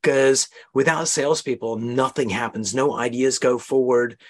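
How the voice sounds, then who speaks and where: A man's voice: mid-range voice, fairly even intonation, moderate pace. A man hosting an interview podcast, explaining ideas in a coaching, demonstrative way. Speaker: host.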